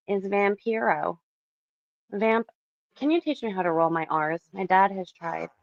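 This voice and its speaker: A woman's voice: medium pitch, gravelly, dry recording, highs cut off. A Canadian woman in her thirties chatting casually with viewers on a live stream, rambling, laughing often and swearing now and then. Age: 30s.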